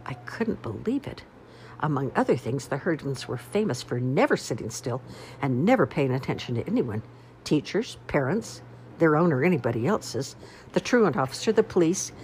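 Woman reading a storybook, low voice, lots of ups and downs, wry. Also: moderate pace, a little hiss or hum. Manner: wry, expressive first-person telling. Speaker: audiobook reader. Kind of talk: storybook narration.

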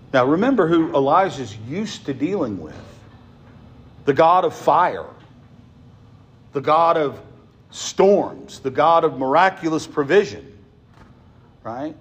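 A man preaching a sermon as pastor, swinging from emphatic lines to soft, hushed ones and often asking his listeners "right?". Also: on the high side, breathy edge.

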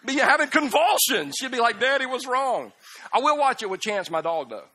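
A man preaching a humorous sermon, telling emotional stories, dropping soft and then bursting out laughing and loud. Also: very high-pitched, a little fast, a little hiss or hum. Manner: animated storytelling, swings from hushed to loud laughing outbursts. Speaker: pastor. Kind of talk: sermon with self-deprecating humor.

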